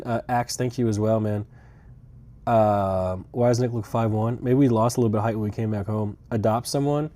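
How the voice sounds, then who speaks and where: On a road trip, a young man talks casually to his stream from a rental car, meandering, cursing, and slipping in dry sarcasm. He has a medium-pitched, warm voice.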